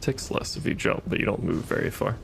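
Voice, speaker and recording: With music playing behind him, a gaming streamer offers wry, profane gameplay commentary at a slightly fast clip, talking back to the enemies on screen.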